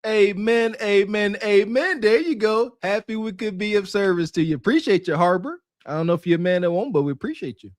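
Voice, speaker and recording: Middle-aged male podcast co-host, high-pitched, animated preachy delivery. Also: fast talker, few pauses, no room sound. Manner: animated, preachy, laughs often. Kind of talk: casual chat reacting to clips.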